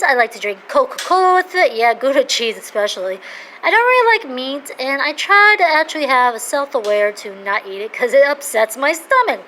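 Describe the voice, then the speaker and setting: A woman in her thirties talking in a casual, rambling monologue, excitable and jumping between topics. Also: slight background noise, rough recording. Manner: excitable, rambling, jumps to loud high-pitched outbursts. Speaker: vlogger.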